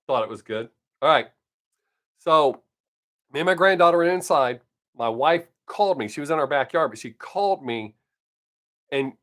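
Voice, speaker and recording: An older man, chatting casually on his live stream from home and telling stories bluntly, with plenty of swearing. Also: medium pitch. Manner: profane, blunt storytelling.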